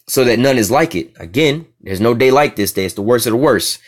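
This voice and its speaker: A man teaching the Bible in a casual street style, reading scripture slowly, then preaching with rough slang and profanity. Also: mid-range voice, animated. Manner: rough slang and profanity, frequent "you know what I'm saying".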